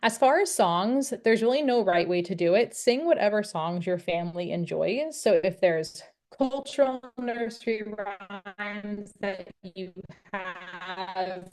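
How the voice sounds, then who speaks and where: A woman's voice: mid-range voice, slow, darkish tone. A young woman, a teacher of the deaf, presenting a friendly, step-by-step parenting webinar. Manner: friendly, encouraging, explains step by step.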